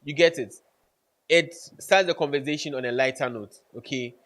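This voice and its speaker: A man's voice: fairly high pitch, normal speed, fairly bright tone. A man giving networking advice to camera, emphatic, repeating key points and checking in with his listeners. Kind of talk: casual instructional talk to camera.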